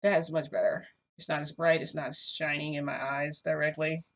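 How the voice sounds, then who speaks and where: A woman telling a long story to her camera in a rambling, animated way, with lots of fillers, filmed indoors at home. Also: sits low, moderate pace. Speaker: vlogger. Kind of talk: casual storytelling vlog. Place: indoors at home under a bright light.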